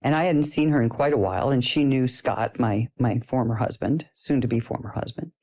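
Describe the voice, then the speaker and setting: Middle-aged woman running a self-help lesson, playful and lively, laughs a lot, chatty. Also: extremely low pitch, fairly quick. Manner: animated, playful, laughs often. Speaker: personal development course teacher. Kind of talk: casual spoken lesson to listeners.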